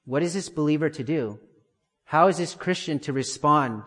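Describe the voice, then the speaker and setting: A man preaching an expository sermon, emphatic and building to forceful declarations. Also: a little high, normal speed, big-room sound.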